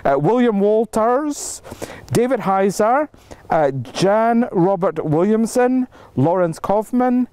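A man who grew up in South Africa, reading a list of backers' names in a halting, casual update filmed outdoors in the cold. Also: sits high, animated, darkish tone, clean tone, dry recording. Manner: halting, reading names slowly with many fillers. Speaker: filmmaker thanking backers.

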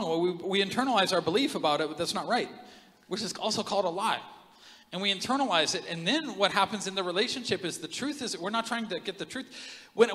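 Animated man preaching in a reverberant hall. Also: sits high. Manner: animated, joking storyteller with big swings in loudness. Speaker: pastor. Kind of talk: sermon. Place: large church hall.

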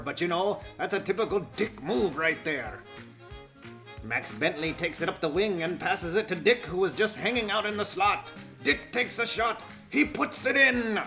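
A man voicing an excitable old-time male hockey announcer, calling mock play-by-play with gleeful puns. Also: high-pitched, creaky, pitched above the performer's own voice, exaggerated voice. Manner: excited, punny.

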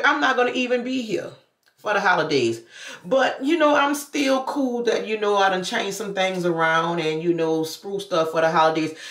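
A woman's voice: on the low side, fairly bright tone. A woman, talking casually to her vlog viewers with loose slang and chatty asides. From New Orleans. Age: 50s. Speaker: vlogger. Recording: echoey room.

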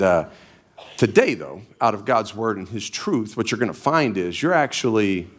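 A man's voice: lowish voice, fairly bright tone. A middle-aged man preaching a sermon from a church stage, with folksy, humorous storytelling. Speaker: pastor.

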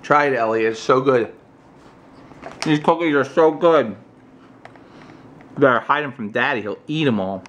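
An American man chatting casually with his toddler on camera, using playful baby talk and high, coaxing questions. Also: a little slow, pauses often, fairly bright tone, dull audio, slight background noise. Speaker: parent vlogger.

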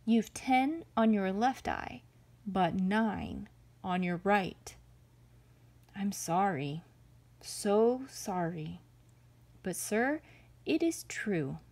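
A woman's voice: mid-range voice, lively intonation, extremely slow, long pauses, a little mellow, heavily acted. Woman doing a sly clever little rabbit. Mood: coaxing. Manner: coaxing, mock-sympathetic. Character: small quick-witted male rabbit, sly and clever.

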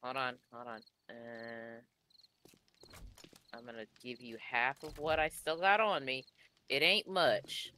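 A man's voice: medium pitch, fairly even intonation, slow pace, long pauses, pushed and bright, slight background noise. A laid-back man chatting and swearing casually while playing a co-op game with a friend. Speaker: gamer. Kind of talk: casual co-op gaming chat.

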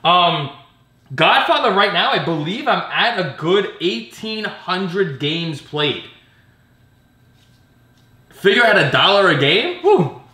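A man's voice: high-pitched, expressive, takes it slowly, long pauses, sharp tone. A man hosting a casual pinball vlog, ranting sarcastically with plenty of swearing and laughter. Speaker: pinball vlogger. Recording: roomy echo.

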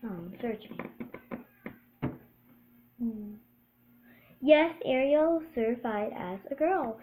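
Woman doing a search engine as a girl, chatty, dark mellow voice, kinda high, faint hiss behind. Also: expressive, takes it slowly, low-quality recording. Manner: chatty, offhand, muttering asides. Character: female search engine helper answering questions. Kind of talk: playful home skit.

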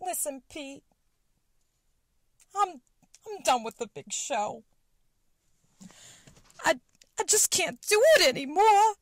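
A performer voicing Lena, a heartbroken female aquarium fish star who is done performing, in a high quavering pleading voice. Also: big pitch swings, takes it slowly, long pauses, fairly bright tone, faint music behind, full character voice. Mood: grieving. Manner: tearful, pleading.

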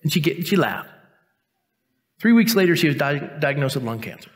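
A man's voice: on the high side, sing-song, normal speed. A male pastor in his fifties preaching a sermon in a conversational, self-mocking way, telling a personal story and acting out the people in it. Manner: conversational, self-mocking, acts out quoted voices. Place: church sanctuary.

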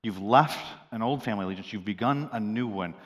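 A man preaching a sermon as a pastor, joking with the congregation and swinging from loud outbursts to quiet asides. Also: fairly low pitch, brisk, big-room sound. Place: large church hall.

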